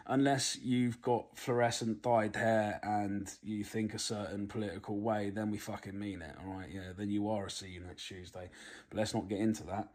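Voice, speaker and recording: A British man ranting casually to camera, blunt and swearing constantly. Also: on the low side. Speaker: vlogger.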